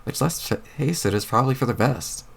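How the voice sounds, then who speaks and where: Wry deadpan teen girl, read by a man, gravelly, lively pitch, rambling. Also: a little fast, a little hiss or hum. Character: dry, wry teenage girl adventurer. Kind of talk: reading a webcomic aloud.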